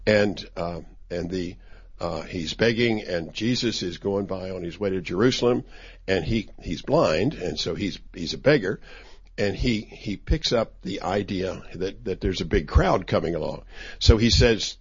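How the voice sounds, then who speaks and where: A man's voice: lowish voice, normal speed, husky. A man giving an informal Bible study talk in a conversational, wry way, with many restarts. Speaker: teacher. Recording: dull lo-fi recording.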